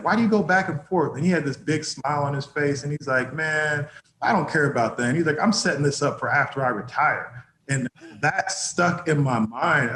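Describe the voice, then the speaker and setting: A man's voice: mid-range voice, fairly bright tone, reverberant, a little hiss or hum. A former football player telling anecdotes in a casual interview, often laughing as he goes.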